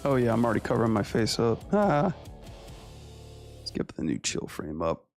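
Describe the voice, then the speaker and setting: A man who animates and streams, chatting casually with his viewers in a relaxed, slangy way over faint guitar music. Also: medium pitch, normal speed. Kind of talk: casual livestream chat.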